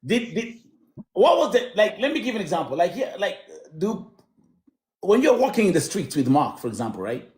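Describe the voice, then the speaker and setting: A Kenyan man hosts a podcast interview with a lively, swooping voice and lots of laughter, and he trips over his own questions. The room has a noticeable echo. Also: high voice, normal speed. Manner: playful, stumbling questions, laughs a lot. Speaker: podcast host. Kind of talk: casual interview. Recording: echoey room.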